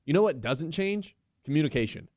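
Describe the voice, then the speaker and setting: A man's voice: a little high, lively intonation, brisk, a little mellow, no echo, clean studio sound. Emphatic man co-hosting sports radio. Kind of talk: casual sports talk. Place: radio studio.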